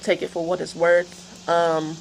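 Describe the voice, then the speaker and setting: A woman's voice: lowish voice, completely flat delivery, unhurried, vocal fry, a little hiss or hum, low-quality recording. A woman chatting casually in a rambling vlog before a tarot reading, with many fillers. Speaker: tarot reader.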